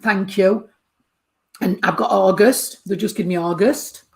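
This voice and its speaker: Woman, spiritualist medium, chatty reading, mid pitch, keeps checking in with the sitter. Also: steady tone, a little slow, creaky.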